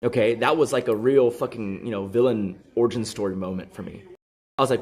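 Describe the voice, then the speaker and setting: A man telling a story in casual chat, rambling with many fillers and restarts, swearing, and getting heated and high-pitched when exasperated. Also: lively intonation, brisk, husky. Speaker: podcast host.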